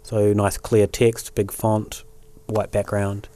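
Speaking slowly in a fairly low voice, a man from New Zealand co-hosts a casual podcast conversation. He's laid-back and wanders along with lots of fillers, captured in a close, dry recording.

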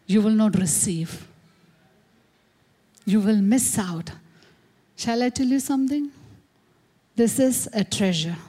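Slow, emphatic woman preaching a sermon. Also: mid-range voice, a little mellow. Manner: emphatic preaching with call-and-response repetition. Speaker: pastor. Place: church service.

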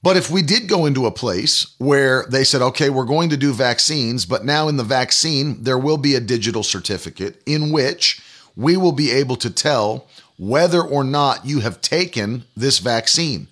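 A man's voice: mid-range voice, lively intonation, normal speed, a bit bright. A man hosting a prophecy broadcast, speaking to listeners in an indignant, rambling way, repeating himself with many fillers. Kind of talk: spoken commentary to listeners.

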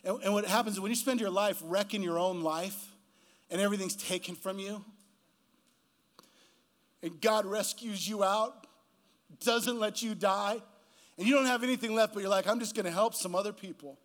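Casting: male preacher, early fifties, high-pitched, animated storyteller who voices the people in his stories. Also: normal speed, long pauses. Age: 50s. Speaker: guest pastor. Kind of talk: sermon. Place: church.

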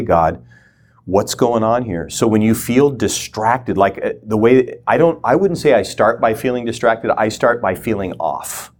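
A man's voice: lowish voice, slight background noise. A man giving a conversational teaching talk, often acting out short prayers and inner thoughts. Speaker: guest teacher.

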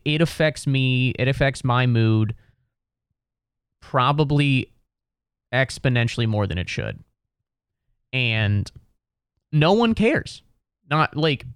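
A young man from Cincinnati, Ohio hosts a solo podcast in New York City, rambling sardonically and slipping into mocking voices. His mid-range voice is clear and resonant, with no echo.

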